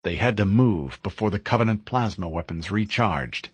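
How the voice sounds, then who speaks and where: A man narrating a military science fiction novel in a steady, dramatic audiobook reading. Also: fairly low pitch, moderate pace, slightly rough, dry recording.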